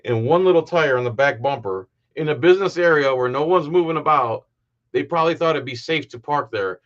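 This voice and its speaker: A man's voice: fairly high pitch, fairly quick, lo-fi sound. Man with a sarcastic, angry ranting voice. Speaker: commentary host. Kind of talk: reaction commentary over video.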